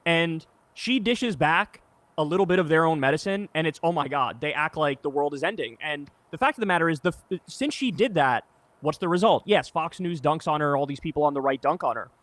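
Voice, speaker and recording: High-voiced man ranting about politics. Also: expressive, brisk, a bit bright, no echo. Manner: blunt, emphatic, repeats for emphasis. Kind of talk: heated political talk.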